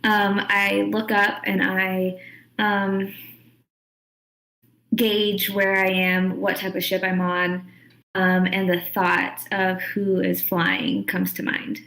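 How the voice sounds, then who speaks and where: Woman playing an rpg, says what her character does, first person, takes it slow. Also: medium pitch, a bit bright, low-quality recording. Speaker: player. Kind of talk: playing her character in a tabletop role-playing game.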